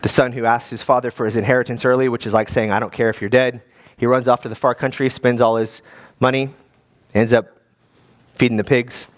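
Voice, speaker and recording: A man, a guest pastor, preaching a sermon in a lively, conversational way with many restarts. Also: medium pitch, a little fast.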